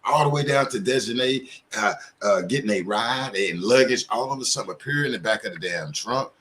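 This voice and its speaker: A man's voice: mid-range voice, a little fast, fairly bright tone, a little hiss or hum. A man giving heated commentary as a show host, firing off rhetorical questions.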